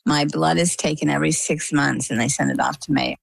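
Low, gravelly middle-aged woman storyteller. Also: brisk, no room sound, poor audio. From Maine, USA. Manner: animated storyteller acting out quoted dialogue. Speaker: interview guest. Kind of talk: conversational storytelling.

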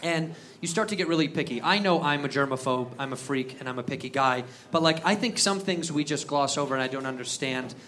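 Male comic, high voice, rambling self-deprecating set, noisy room. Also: fairly quick, a bit bright. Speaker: stand-up comedian. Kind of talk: stand-up routine. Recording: live club with clear background noise.

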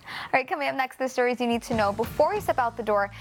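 A woman anchoring a morning news broadcast, reading weather and stories in a friendly, bright manner. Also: fairly high pitch, lively intonation, fast talker, faint music behind.

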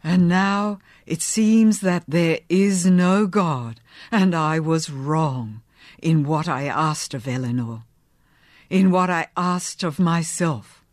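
A woman's voice: low voice, slow pace, no room sound, clean studio sound. A woman voicing a stern, zealous middle-aged male preacher who speaks in a fervent, sermonizing way. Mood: despairing.

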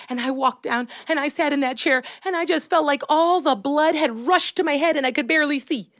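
A woman from Chicago telling a personal childhood story in an expressive, animated way. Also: high-pitched, brisk, few pauses, no room sound, clean studio sound. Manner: expressive, animated, acts out voices.

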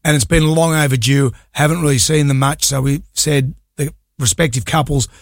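A man's voice: fairly high pitch, steady tone, moderate pace, dry recording, studio quality. A middle-aged man with an Australian accent, co-hosting a radio show and telling a rambling story in casual banter. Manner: rambling anecdotal storytelling with laughs. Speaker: radio co-host.

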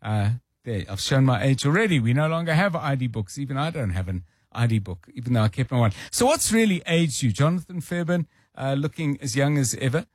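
A man's voice: medium pitch, big pitch swings, brisk, hardly any pauses, no echo, clean studio sound. A man hosting a live drive-time radio show, chatting casually to listeners and introducing segments. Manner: chatty, conversational, with fillers. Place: radio studio. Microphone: studio microphone.

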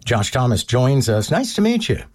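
Brisk, polished interview host man. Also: medium pitch, big pitch swings. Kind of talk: broadcast interview.

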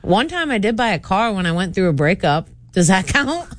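A woman co-hosting a radio morning show, chatting casually with quick reactions. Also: medium pitch, very animated, dry recording. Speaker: radio co-host. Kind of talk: casual on-air banter. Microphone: studio microphone.

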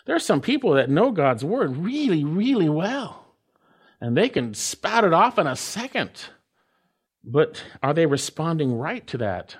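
A man preaching an expository sermon, stressing key phrases with repetition, slowing down and dropping to a hush for emphasis. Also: on the high side. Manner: emphatic, repeats key phrases with dramatic pauses; swings between loud and hushed, slows to stress words. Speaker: pastor.

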